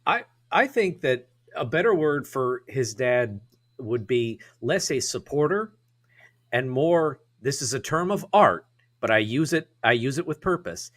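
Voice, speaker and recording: A man on a casual talk show, speaking deliberately and emphatically. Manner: deliberate, emphatic, lively pitch. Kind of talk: casual chat.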